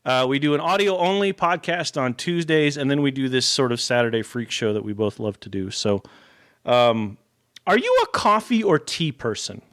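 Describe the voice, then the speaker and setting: Man, podcast host, casual chat, bouncy lively pitch, dry close sound. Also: normal speed, dry recording. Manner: animated storyteller, greets viewers by name.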